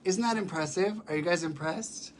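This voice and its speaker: A man who performs in drag, chatting casually on a live stream while sick, with a raspy voice and many fillers. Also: high voice, moderate pace, heavy background noise. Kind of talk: casual livestream chat. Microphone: phone or webcam for a live stream.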